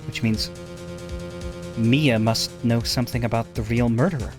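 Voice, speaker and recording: A man voicing a young male defense lawyer who stammers and climbs into high, panicked questions. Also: steady tone, measured pace, over music, natural voice. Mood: puzzled.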